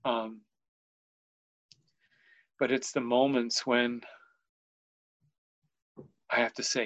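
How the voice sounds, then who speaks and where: A father speaking candidly about his young son in an earnest, halting way, often pausing to find his words. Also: mid-range voice, level tone, fairly bright tone, muffled recording. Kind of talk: candid personal conversation.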